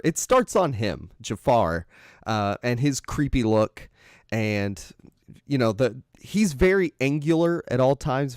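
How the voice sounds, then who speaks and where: A man's voice: mid-range voice, a little mellow, dry recording, studio quality. Man rambling through a film plot. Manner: meandering, thinking aloud while retelling a plot. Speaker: podcast co-host. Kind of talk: casual chat about films.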